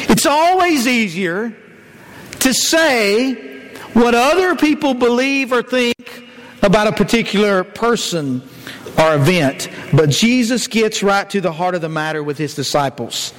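A man's voice: high-pitched, fairly bright tone, in a large hall, poor audio. A man preaching a sermon, citing scripture verses and putting rhetorical questions to the congregation.

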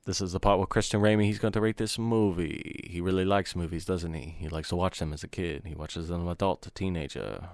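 A man's voice: low-pitched, a little fast, few pauses, a little mellow, no room sound, clean studio sound. A man hosting a podcast, teasing his co-host in sarcastic, casual chat.

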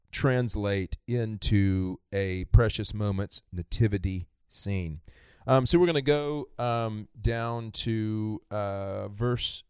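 Low-voiced man reading scripture. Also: smooth, no room sound. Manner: relaxed, with many fillers. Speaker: pastor.

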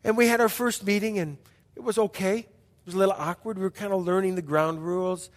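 A middle-aged male pastor preaching a sermon as a story, emphatic and repetitive, dropping to hushed passages between bursts. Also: high-pitched, steady tone, quick pace. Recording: long hall reverb.

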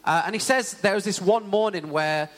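In a church hall with lingering reverb, a young man gives a casual, story-driven sermon packed with "you know." His high-pitched voice moves at a normal speed.

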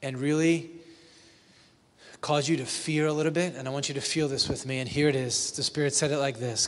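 A man's voice: mid-range voice, fairly even intonation, fairly quick. A man preaching a sermon as a pastor, conversational, often asking the congregation questions. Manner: conversational, asks the congregation questions, acts out silly quotes. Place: church hall with long reverb. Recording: reverberant church hall.

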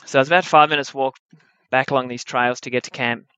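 A young man spins a true adventure yarn for a live audience, wry and animated, landing his jokes with easy timing. His voice sits at a middle pitch. The recording is a little muffled and dry, with no room echo. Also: fairly quick, clean tone. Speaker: storyteller. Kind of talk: live story-slam storytelling.

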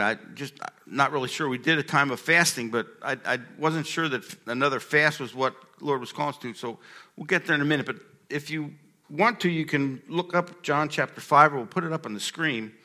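Bright-voiced male pastor preaching. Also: on the high side, fairly quick. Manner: conversational, reads aloud and asks the room questions. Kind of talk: sermon with scripture reading.

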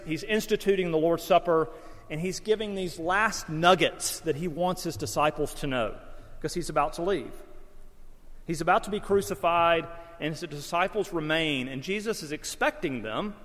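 Male pastor, slightly raised pitch, folksy and self-deprecating, long church-hall reverb. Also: fairly bright tone. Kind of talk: sermon.

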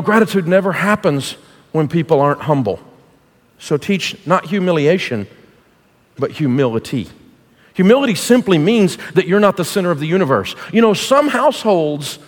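A man's voice: a little high, sing-song, moderate pace. A middle-aged man preaching as a guest speaker to a church congregation, folksy, punchy and jokey. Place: church auditorium. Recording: long reverb of a large hall.

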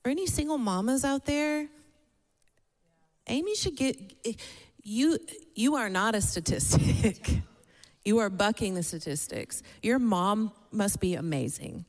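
Woman, church leader, slow delivery, gushing praise, echoey hall. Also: on the high side, animated. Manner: enthusiastic, repeats praise, laughs. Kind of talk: warm encouragement to congregation. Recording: long hall reverb.

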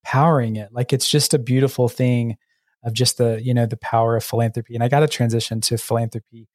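A man's voice: mid-range voice, little pitch movement, fast, darkish tone, dry recording, studio quality. A man hosting an interview who asks long, reflective, flowing questions. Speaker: interview host. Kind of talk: conversational interview.

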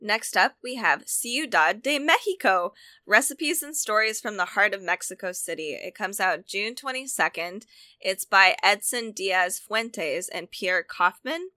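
A woman's voice: mid-range voice, lively intonation, unhurried, pushed and bright, no echo. A woman co-hosting a casual chat, talking about cookbooks with enthusiasm and frequent restarts. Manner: enthusiastic, chatty, self-correcting. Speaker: co-host reviewing cookbooks.

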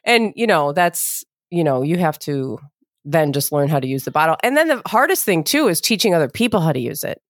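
A young adult woman hosts a casual chat and tells her own story, acting out remembered exchanges in a lively way. She trails off into frequent ums. Her voice is lowish and the sound is close and dry. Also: brisk, no room sound. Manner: animated, acts out remembered exchanges, hesitant fillers. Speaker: podcast host.

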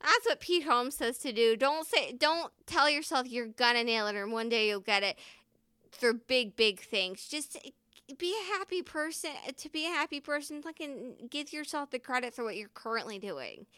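A bright, clear-voiced woman talks in a loose, rambling way, swearing often and speaking her mind. She pitches a little high and sounds close and dry, like a casual vlog. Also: expressive, moderate pace, dry recording. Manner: candid, swears freely, rambling. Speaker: first responder.

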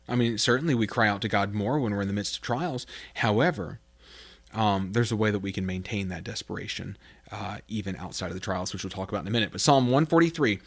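A man giving informal devotional teaching, talking casually with fillers and reading scripture aloud with rising emphasis. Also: mid-range voice. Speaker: preacher.

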